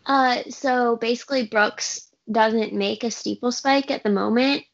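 Young woman with a gravelly voice. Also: fairly high pitch, fairly even intonation. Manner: plain, measured, some uh fillers. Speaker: professional runner. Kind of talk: casual chat. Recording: dull lo-fi audio.

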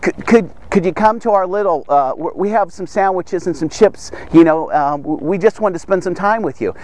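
A man's voice: sits high, normal speed. A man giving a casual Bible teaching, often checking in with "okay?" and acting out the people in the story. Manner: keeps checking in with "okay?" and "here's the thing"; animated, acts out the people in the story. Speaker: devotional podcast teacher.

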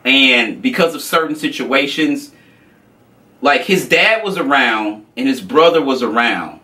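Animated, swearing male storyteller, bright voice, a bit far from the mic. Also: mid-range voice, a little slow. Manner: animated, profane, acts out quotes. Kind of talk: casual storytelling.

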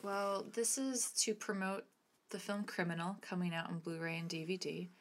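A woman's voice: lowish voice, fairly even intonation, normal speed. A woman co-hosting a casual film podcast, playful and jokey, sometimes trailing off into mumbles. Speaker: podcast co-host.

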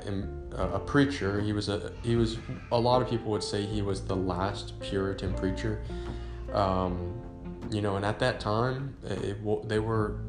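Man, sermon reader, flat steady delivery, halting casual talk, guitar in background. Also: lowish voice. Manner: halting, many restarts and fillers. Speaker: podcast host reading a sermon. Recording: roomy sound with guitar music behind.

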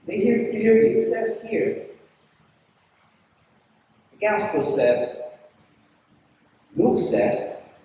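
A man's voice: high-pitched, expressive, takes it slowly, long pauses, dark tone. A man preaching at a fellowship service, reading scripture aloud and repeating phrases for emphasis. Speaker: priest leading a fellowship service. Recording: echoey hall from far off, faint room noise.

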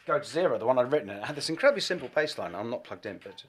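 A middle-aged English man, a bass player, telling animated anecdotes in a casual interview and laughing between phrases. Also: very fast, noisy background. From England.

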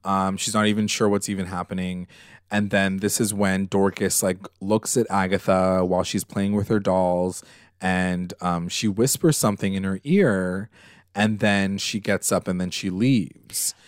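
Low-voiced man recapping a show, dry mic. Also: measured pace, clean tone, no room sound. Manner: animated, filler-heavy, retells scenes with emotion. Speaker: podcast co-host. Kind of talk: casual chat recapping a TV episode.

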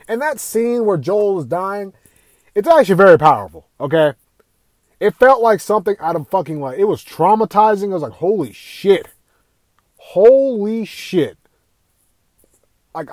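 A young man hosting a casual gaming podcast, talking in an excitable, profane, rambling way. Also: high voice, dry recording. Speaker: podcast host.

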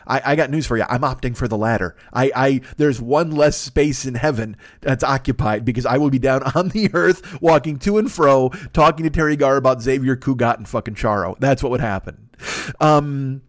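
Animated, profane man riffing solo. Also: mid-range voice, brisk. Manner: animated, swearing, bursts of laughter. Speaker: podcast host. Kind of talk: profane comic monologue.

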